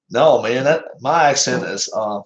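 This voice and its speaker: A man with a Southern American drawl hosts a tabletop baseball replay in a relaxed, chatty way. He calls each play loosely, wanders into stories and laughs at himself often. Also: mid-range voice, dull audio. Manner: chuckles often, rambling, self-deprecating. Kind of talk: casual play-by-play chat.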